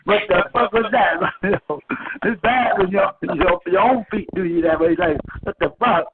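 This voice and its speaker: A man's voice: high voice, a little slow, loud music behind the voice. A man hosting a casual call-in chat over the phone, telling loose, profane stories and laughing often. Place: a friend's house. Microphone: phone line. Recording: tinny phone line with faint noise.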